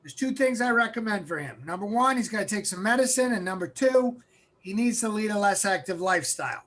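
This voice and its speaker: A man's voice: high voice, lively intonation, brisk, a bit bright, voice pushed up. A man voicing an old, fussy male lung doctor who talks through his nose with a Massachusetts accent and gives blunt advice. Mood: advising. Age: older. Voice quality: nasal. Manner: blunt, matter-of-fact advice.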